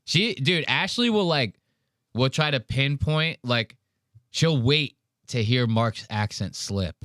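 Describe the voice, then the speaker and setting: A man in mid pitch, hosting a casual podcast and ranting with heavy profanity. His voice is close to the mic and completely dry, with no room sound at all. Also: animated, slow, fairly bright tone, no echo. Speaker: podcast host.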